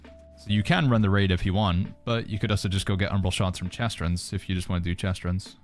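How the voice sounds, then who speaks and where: Low-voiced British man streaming a game. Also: fairly quick, soft background music. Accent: British, mixed with American. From United Kingdom. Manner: relaxed, reads chat messages aloud and answers them. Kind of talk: casual gaming livestream chat.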